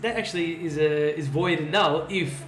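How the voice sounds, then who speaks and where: A man co-hosting a podcast in casual sports chat, excitable and laughing often. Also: a little high, normal speed, echoey room, a little hiss or hum. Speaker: podcast co-host.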